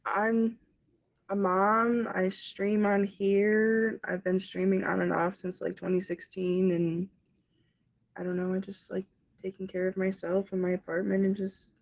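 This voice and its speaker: A young woman with a cold and slightly congested, a streamer guest chatting casually and quickly. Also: medium pitch, level tone, vocal fry, highs cut off. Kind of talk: casual interview chat.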